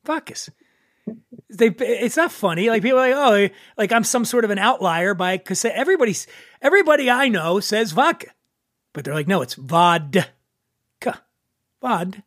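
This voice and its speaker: A man's voice: sits high, animated, fairly quick, a bit bright, no echo. Philly guy hosting a whiskey chat, jokey, trips over his words a bit, dry mic. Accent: Philadelphia. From Philadelphia. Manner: chatty, joking, many restarts. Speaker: podcast host. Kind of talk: casual whiskey tasting chat.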